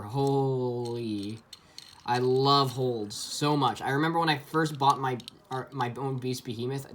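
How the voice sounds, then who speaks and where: A man's voice: medium pitch, slight background noise. A man giving a casual, enthusiastic toy review, chatty and full of ums.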